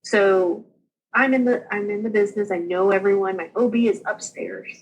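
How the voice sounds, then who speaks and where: A woman's voice: mid-range voice, moderate pace, poor audio. A young woman, casually telling her story as a podcast guest and acting out the people she quotes. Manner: animated, acts out quoted voices.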